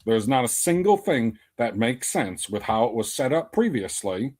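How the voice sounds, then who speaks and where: A man's voice: medium pitch, big pitch swings, normal speed, darkish tone. A man co-hosting a casual podcast, blunt and sarcastic, swearing as he complains. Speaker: podcast co-host. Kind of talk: casual review chat.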